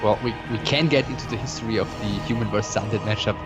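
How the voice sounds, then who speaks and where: A man with a fairly low voice breaks down a strategy game match, thinking aloud and often pausing with fillers. Clear background music plays under him the whole time. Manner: analytical, hesitant with fillers. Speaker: esports co-commentator. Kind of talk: casual game commentary.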